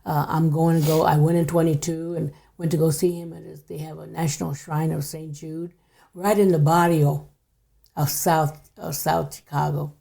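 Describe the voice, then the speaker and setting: A woman's voice: deep voice, flat delivery, moderate pace, creaky. An older woman, a podcast guest, telling a personal story in a casual way, often dropping to a near whisper. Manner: hushed, drops to near whisper at times.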